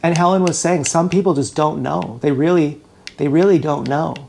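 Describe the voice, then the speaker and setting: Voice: mid-range voice, normal speed, vocal fry, darkish tone, a little hiss or hum. A YouTuber venting in an emotional vlog, agitated, profane and rambling, fired up and upset, talking into a GoPro camera while streaming live indoors.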